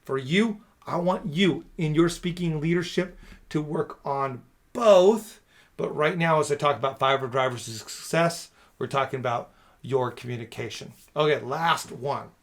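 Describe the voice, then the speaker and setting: A man in his thirties teaching on camera, emphatic and repeating key phrases in a steady rhythm. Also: a little high, unhurried. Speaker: speaker and coach.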